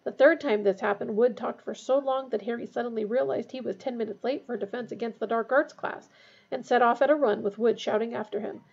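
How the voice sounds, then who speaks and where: A woman reading a storybook aloud in a steady, expressive way. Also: fairly high pitch, a little fast, gravelly, breathy edge. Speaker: reader. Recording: dull lo-fi recording.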